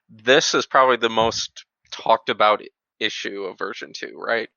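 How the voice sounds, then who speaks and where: A man's voice: on the low side, expressive, slow pace, gravelly, pushed and bright, dry recording. A man on a podcast panel, explaining game rules in casual chat. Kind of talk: casual tabletop wargame chat. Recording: dull lo-fi mic.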